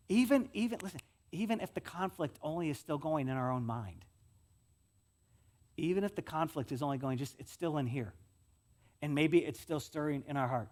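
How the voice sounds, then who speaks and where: A male pastor with a high-pitched voice and a West Michigan accent preaches a sermon in a conversational way. He often repeats words and shifts between loud stretches and soft ones.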